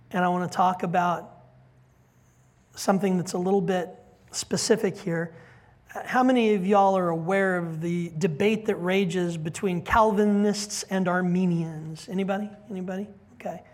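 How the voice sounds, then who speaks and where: Animated preacher with dramatic loud-soft swings. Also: mid-range voice. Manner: animated, swings between loud emphasis and hushed quiet; asks the congregation direct questions. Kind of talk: expository sermon. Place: church service with a congregation.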